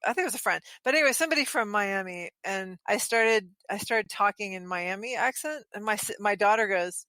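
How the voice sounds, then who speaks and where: A woman guest on a podcast speaks in a rambling, giggly way. Her voice is bright. The recording is close and dry. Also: a little high, expressive, quick pace, hardly any pauses, no echo. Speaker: guest commentator. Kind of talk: casual podcast chat.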